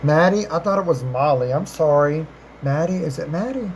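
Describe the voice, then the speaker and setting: Warm and talkative, a livestream host chats with viewers and answers their questions, addressing them as darling and baby. She repeats and rephrases freely, her mid-range voice leaping upward on greetings with lively intonation at a moderate pace. The recording is rough, with faint noise underneath.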